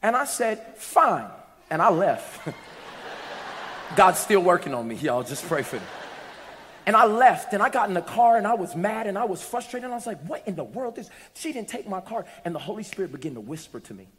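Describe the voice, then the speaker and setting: A man with a notably high voice preaches a sermon. He tells stories with playful asides and climbs into loud, shouted moments. His voice carries long echoes through a large hall. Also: big pitch swings, brisk, a little hiss or hum.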